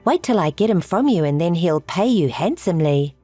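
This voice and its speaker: A woman's voice: lowish voice, animated, fairly quick, mellow, no echo, soft background music. A woman voicing a gloating, scheming husband-stealer. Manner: taunting, gloating. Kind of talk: texting-story voice-over.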